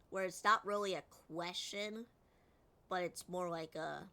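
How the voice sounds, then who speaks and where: Woman streamer chatting over a game, slow, bright voice, bit low. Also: gravelly. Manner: chatty, critiques and re-reads lines.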